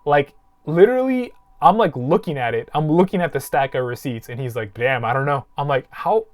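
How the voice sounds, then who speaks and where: Guy ranting on a podcast, swears a lot, voice jumps all over, slightly high. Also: brisk. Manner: profane, animated storyteller. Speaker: podcast host. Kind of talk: casual chat.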